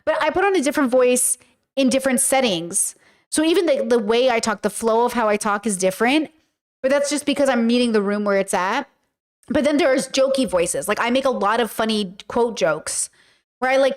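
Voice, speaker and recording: High-voiced woman rambling animatedly. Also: moderate pace. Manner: rambling, animated, lots of fillers; playfully mimics voices and quotes. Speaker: YouTuber and podcast host. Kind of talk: casual commentary reacting to comments.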